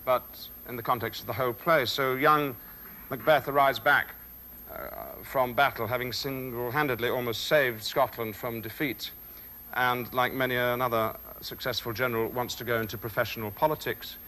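Male actor explaining verse, forceful tone, measured pauses, faint noise behind. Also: mid-range voice, fairly even intonation. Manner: measured, reflective, with thoughtful pauses. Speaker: stage actor. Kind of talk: talk on performing Shakespeare.

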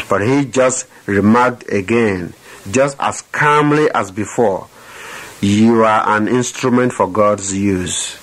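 A man's voice: medium pitch, fairly bright tone, poor audio. A man, an evangelist telling his personal testimony in a sermon, earnest and often repeating words as he corrects himself.

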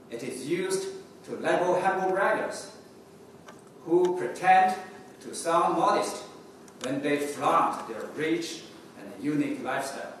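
Slow, high-voiced man in an echoey hall. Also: far from the mic, slight background noise. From China. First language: Chinese. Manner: measured, explanatory, reading prepared remarks. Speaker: diplomat giving a speech. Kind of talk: formal prepared speech.

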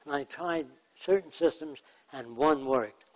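A man's voice: a little high, measured pace, a little mellow, low-quality recording. Plainspoken man telling stories in a lecture. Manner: anecdotal, plainspoken, acts out quotes. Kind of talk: storytelling lecture.

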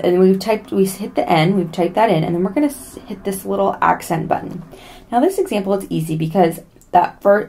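A woman's voice: fairly low pitch, darkish tone. A young adult woman hosting a casual how-to video, chatty and joking as she walks through a gadget step by step. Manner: chatty, joking pleas to subscribe. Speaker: product demo host. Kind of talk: casual tutorial demo.

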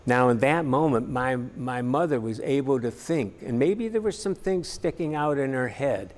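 A man's voice: medium pitch, expressive, normal speed, darkish tone, long reverb tail. A man teaching a practical church class in an earnest, plainspoken way, with frequent fillers. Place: church meeting room.

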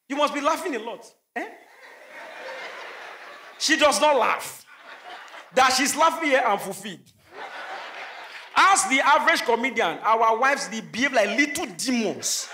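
Onstage before a live audience, a Nigerian comedian performs stand-up in a very high, bright voice, slipping into Pidgin asides and belting punchlines at full volume. His pitch swings widely, he speaks at normal speed with frequent pauses, and the echoey venue carries a faint hiss.

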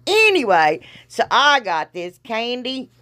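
With medium pitch, lively intonation, and a moderate pace, this middle-aged woman from Ohio chats casually through a crafting tutorial in a Southern accent. Her slightly bright voice is congested from allergies as she rambles, tossing in folksy exclamations and self-deprecating humor.

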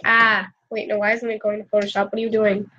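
Sick, husky young woman streaming. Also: mid-range voice, little pitch movement, fast talker, bright, forceful tone. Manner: rambling, distracted, lots of "like". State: sick, coughing. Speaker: live streamer drawing on stream. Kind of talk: casual live-stream chat. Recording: muffled lo-fi stream audio.

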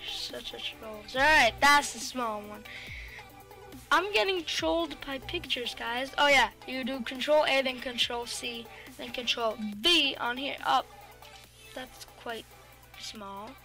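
A woman's voice: sits high, takes it slowly, bright, forceful tone. Chatty woman rambling through a tutorial. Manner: rambling, chatty, full of fillers, talks back to pictures. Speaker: tutorial host. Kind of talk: casual screen-recording tutorial. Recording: music playing under the voice. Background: background music.

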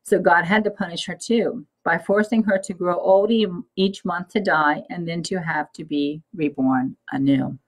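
A woman's voice: lowish voice, fairly even intonation, normal speed, hardly any pauses, lightly acted, poor audio. A woman voicing the east wind, sternly judging.

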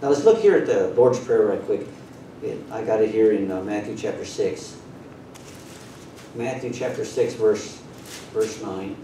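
A man preaching a sermon, taking it slow and stretching out the words he wants to stress. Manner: unhurried preaching with drawn-out emphasis. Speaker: pastor. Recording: very echoey room, voice from far off, faint rumble.

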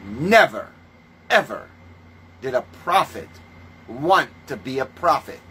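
A man's voice: mid-range voice, slow, a little hiss or hum, low-quality recording. Fiery, foul-mouthed preaching man. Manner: ranting, scornful, swears a lot; shifts between calm teaching and loud outbursts. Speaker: self-styled religious preacher. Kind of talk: profane preaching monologue.

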